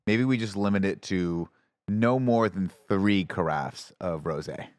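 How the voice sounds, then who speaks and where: A man's voice: deep voice, a little slow, no echo, studio quality. A man producing a podcast who joins the casual chat in a wry, teasing way while hungover.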